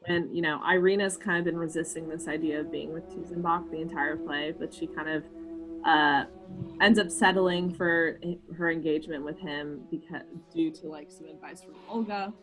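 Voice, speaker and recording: A young woman, a little drunk, earnestly explains a play's tragic scene and leans on fillers as she goes. Her voice is on the low side, with faint music under it. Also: steady tone, moderate pace, rough recording. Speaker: drunk narrator. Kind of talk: tipsy comic retelling of a play.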